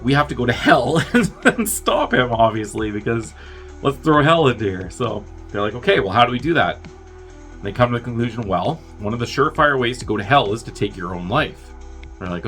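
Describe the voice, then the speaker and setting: Rambling man recapping a movie. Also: a bit bright. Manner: rambling, acts out characters' lines with jumps in pitch. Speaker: podcast host reviewing a film. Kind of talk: casual film recap.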